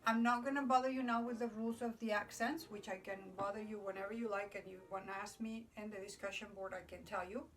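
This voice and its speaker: A woman's voice: mid-range voice, steady tone, fast talker, hardly any pauses, faint music behind. A woman teaching Spanish grammar at a whiteboard, explaining patiently in English with Spanish examples and checking in with "okay?" often. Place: classroom with a noisy whiteboard.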